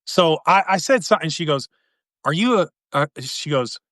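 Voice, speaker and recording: A man hosting a podcast, telling a long dating story in a casual, animated way, acting out the quotes with big swings in pitch and volume. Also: normal speed, no room sound, studio quality. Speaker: podcast host.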